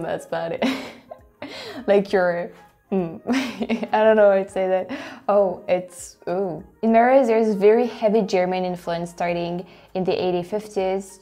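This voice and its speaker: A French woman hosting and reacting aloud, animated and quick to exclaim and laugh. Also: mid-range voice. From France. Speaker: host. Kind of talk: casual reaction commentary.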